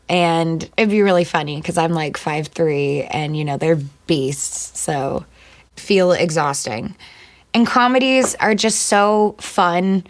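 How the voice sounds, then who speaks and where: A woman with a fairly low voice, talking casually in an interview. She is chatty and playful, and gives short, snappy answers. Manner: chatty and playful, quick one-word answers. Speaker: singer and actor being interviewed.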